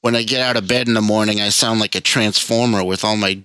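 A man in his forties hosting a casual podcast chat, laid-back and quick to laugh. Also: fairly low pitch, steady tone, bright, forceful tone, clear, resonant tone, no echo. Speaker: podcast host.

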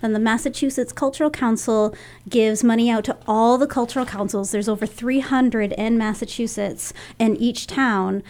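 A woman's voice: a little high, steady tone, moderate pace, a little mellow. A woman chairing a local committee, explaining its work as a radio guest with frequent ums.

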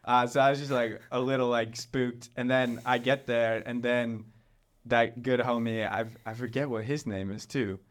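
A young man rambles through a story in casual conversation. He leans on "like" constantly and acts out what people said as he retells it. His voice sits at an ordinary mid pitch. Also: normal speed. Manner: rambling, lots of "like", animated retelling. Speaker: storyteller guest. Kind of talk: casual chat.

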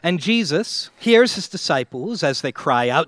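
A man preaching a sermon to his church, slow and dramatic, with long pauses and swings between loud and quiet. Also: a little high, big pitch swings, no room sound, studio quality. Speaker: pastor.

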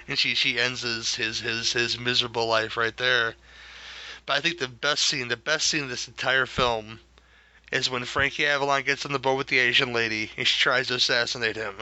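A man with a sharp, very bright voice rambles through a casual movie review, laughing and stumbling over repeated words. The sound is dull and lo-fi. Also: mid-range voice, steady tone, fairly quick. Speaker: podcast co-host.

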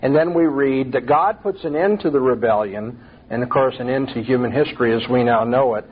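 Male preacher, emphatic rhetorical sermon delivery, husky tone. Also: medium pitch, a little fast, phone-quality sound.

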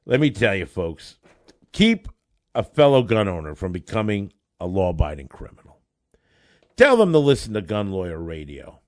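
A man hosting a podcast, a lawyer telling a story in a casual, animated way. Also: low voice, moderate pace, no echo, clean studio sound. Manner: animated, builds up excitement in anecdotes.

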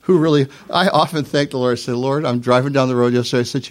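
A man delivers a sermon in an easy, storytelling way, as a pastor talking straight to his listeners. His voice sits in an ordinary middle pitch. He drifts from soft, low-key moments into strong, emphatic stretches. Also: steady tone, quick pace. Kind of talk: conversational sermon.

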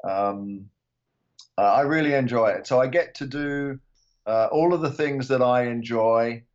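A man's voice: medium pitch, a little slow, a little mellow, highs cut off. An older man from England, a podcast guest, chatting casually with many ums and restarts. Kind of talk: casual interview chat.

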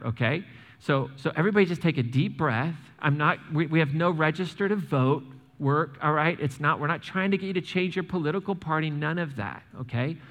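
A man preaching to his congregation as pastor, animated, stumbling over and restarting words, speaking straight to the people in the pews. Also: a little high, big-room sound. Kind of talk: sermon with church announcements. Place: church sanctuary.

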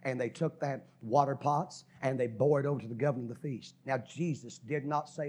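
A man preaching a sermon, folksy and dramatic, swinging from shouts to whispers and stretching out key words. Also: mid-range voice, steady tone. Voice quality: husky. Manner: preaching with sudden shouts and drops to a whisper, folksy, drawn-out stresses. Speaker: pastor.

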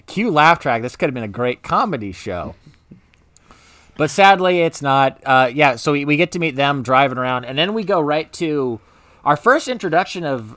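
A man's voice: mid-range voice, fairly bright tone, no echo. A man co-hosting a podcast, chatting casually in a rambling way with lots of filler words. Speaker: podcast co-host. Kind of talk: casual chat.

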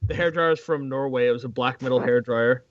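A man's voice: medium pitch, fast talker, no room sound, highs cut off. A man joking around in a casual podcast chat, often slipping into silly voices. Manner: jokey, slips into silly voices.

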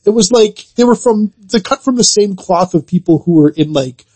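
A man's voice: high-pitched, animated, moderate pace, mellow, breathy edge. A man co-hosting a podcast, chatting casually about games and movies in a loose, rambling way full of filler words. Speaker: podcast co-host.

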